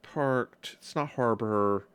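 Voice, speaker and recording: A man's voice: mid-range voice, slow, a bit bright, clean tone. A man co-hosting a podcast, recapping a TV episode in a campy, gossipy chat. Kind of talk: casual chat.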